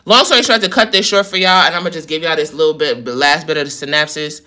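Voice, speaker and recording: A woman's voice: sits low, fast, bright, forceful tone. Fired-up New woman ranting. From New York. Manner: heated, profane, venting. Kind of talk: storytime rant to viewers.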